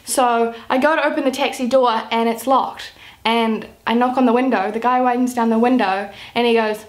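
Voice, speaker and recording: A young woman from New Zealand chats to camera in a bright, high voice, telling a story at an easy pace. She peppers almost every sentence with "like," keeping the tone loose and casual. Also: steady tone, fairly quick. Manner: chatty, says "like" constantly. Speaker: vlogger.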